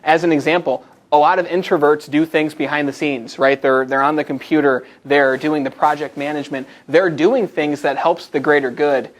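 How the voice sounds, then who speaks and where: An American man speaking live as a motivational speaker to a group in a meeting room. He talks in an energetic, conversational way and draws the audience in. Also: fairly high pitch, moderate pace, hardly any pauses.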